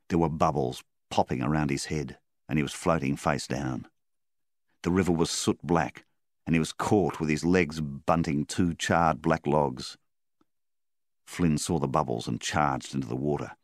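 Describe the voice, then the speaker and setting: A man reading a story aloud in calm, measured audiobook narration. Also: rumbling low, dry recording, studio quality. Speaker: story reader.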